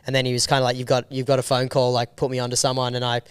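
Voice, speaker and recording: An Australian man with a smooth, clear voice at an ordinary pitch tells a story in a relaxed interview. He rambles and gets animated, dropping the odd swear word. The sound is close and dry. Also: very fast, no room sound. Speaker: filmmaker guest.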